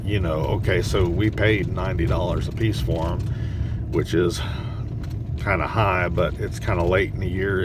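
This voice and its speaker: A middle-aged man casually narrating his farm chores outdoors, rambling with lots of fillers, recorded on a handheld camera. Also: low voice. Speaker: homesteader vlogger. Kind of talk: casual vlog narration while doing chores. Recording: noisy outdoor camera audio. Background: animals and a vehicle.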